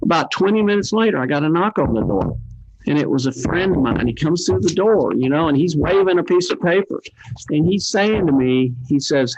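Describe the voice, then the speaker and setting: A man's voice: a little high, lively intonation, fairly quick, a little mellow, husky, no echo. An older man, an interview guest, telling his story in a rambling, earnest way with many fillers. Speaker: interview guest, cancer survivor. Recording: dull, dry lo-fi sound.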